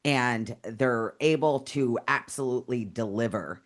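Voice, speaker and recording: A woman's voice: rumbling low, a little slow. A female co-host in casual chat, speaking emphatically and reflectively. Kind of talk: casual talk-show chat.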